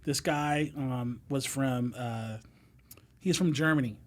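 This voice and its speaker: Speaking slowly in a mid-range voice, this podcast guest rambles through his stories in a relaxed chat. His talk is full of fillers and restarts, and he laughs as he goes.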